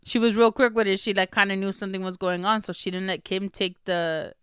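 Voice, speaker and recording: A woman's voice: medium pitch, little pitch movement, fairly quick, fairly bright tone, smooth, dry recording, studio quality. A woman hosting a podcast, chatting casually and laughing often as she recaps a book. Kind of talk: casual chat.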